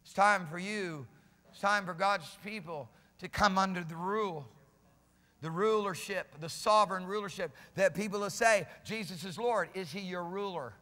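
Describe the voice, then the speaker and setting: A male pastor preaching a fiery sermon in a church, repeating phrases and swinging between shouts and low, quiet lines. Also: moderate pace. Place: church sanctuary. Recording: reverberant church hall.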